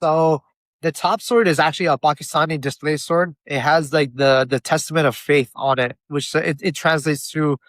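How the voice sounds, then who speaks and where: A man's voice: fairly high pitch, normal speed, no echo. A young man from Miami, a guest telling stories in a casual chat over a video call. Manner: chatty, animated storyteller.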